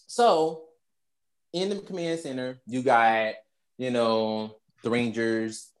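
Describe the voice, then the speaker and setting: A woman with a low voice chats casually about a movie she watched. She tells the story with animation and slips into the characters' voices as she goes. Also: darkish tone. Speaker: podcast co-host recapping a movie. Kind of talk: casual chat.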